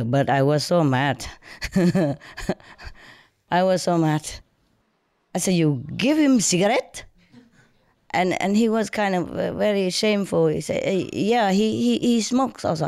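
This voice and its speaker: A woman telling a story casually in non-native, broken English, animated and often laughing. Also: fairly low pitch, clean tone, dry recording, clean studio sound.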